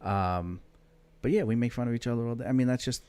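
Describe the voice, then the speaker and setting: A man's voice: mid-range voice, quick pace, darkish tone, smooth. A man hosting a podcast, chatting casually and readily agreeing with his guest. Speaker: podcast host. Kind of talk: casual conversation.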